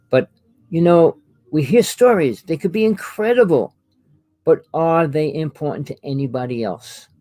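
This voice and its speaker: A man hosting a casual talk about experiences, telling long rambling stories in an animated way. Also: medium pitch, dry recording. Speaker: host.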